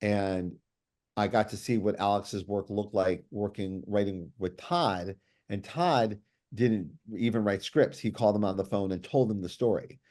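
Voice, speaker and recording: A middle-aged man, a comics writer guest, telling stories in casual chat, animated and quick with many restarts and fillers. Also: on the low side. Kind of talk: casual storytelling.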